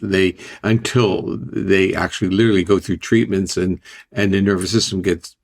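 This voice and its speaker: An older man, a scientist guest, explaining ideas in a deliberate, conversational way. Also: low-pitched, steady tone, gravelly. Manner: deliberate, explanatory, restarts phrases.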